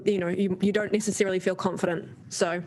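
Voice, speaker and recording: A woman's voice: mid-range voice, flat delivery, fast talker, a little mellow, slight background noise, low-quality recording. Friendly New Zealand woman chairing hearing. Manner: friendly, appreciative, organising. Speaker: meeting chair.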